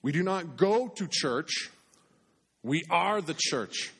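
Earnest preaching man, swings loud and soft. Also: a little high, animated, takes it slowly, vocal fry, breathy edge. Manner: earnest preaching, repeats phrases for emphasis, swings between loud and hushed. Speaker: pastor. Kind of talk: sermon.

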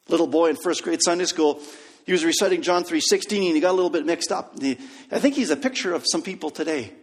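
Guy preaching a sermon in a big echoey church, slightly husky, kinda high voice. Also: quick pace. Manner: storytelling, dropping to a hush on key lines. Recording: long hall reverb.

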